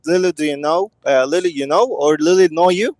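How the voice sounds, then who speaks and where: A male student asks his grammar teacher about a point he finds confusing. He hesitates, repeating words and filling pauses, in a somewhat high voice recorded dry and close. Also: darkish tone, no echo. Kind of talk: asking questions in class.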